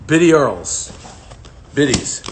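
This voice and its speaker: A man's voice: mid-range voice, big pitch swings, slow, heavy background noise. A man giving profane, jittery running commentary as he unboxes packages on a casual livestream. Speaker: host unboxing fan mail.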